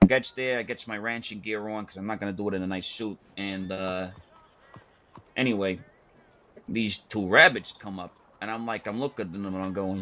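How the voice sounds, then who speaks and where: Animated cursing man telling a story. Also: fairly low pitch, normal speed. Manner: animated, profane storyteller who acts out quotes. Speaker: roleplay game player. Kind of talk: casual in-character storytelling.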